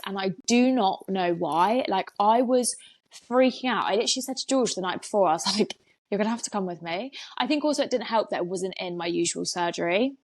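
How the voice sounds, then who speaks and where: A young woman chats over a video call as a podcast co-host. Her voice sits at a middling pitch, and she tells her stories in a lively, animated way, laughing as she goes. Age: 20s. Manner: chatty, animated storytelling with laughs.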